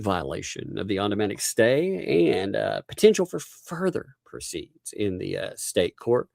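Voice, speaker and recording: A man's voice: mid-range voice, sing-song, measured pace, gravelly, hardly any pauses, a little mellow, no room sound, clean studio sound. A man hosting a casual livestream, reading court filings aloud with sarcastic asides and laughs.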